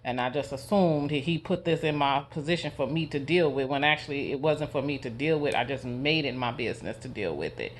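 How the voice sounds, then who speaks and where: Man, mid pitch, candid solo vlogger; earnest, halting delivery. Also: slight background noise. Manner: soft-spoken, halting, earnest and confessional. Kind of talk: personal reflective vlog.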